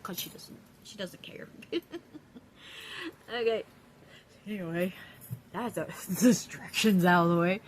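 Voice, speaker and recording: A woman's voice: mid-range voice, unhurried, pauses often, fairly bright tone, slight background noise. A woman chatting in a casual vlog from her apartment, blunt and profane, laughing often. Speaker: YouTube vlogger. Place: downstairs apartment.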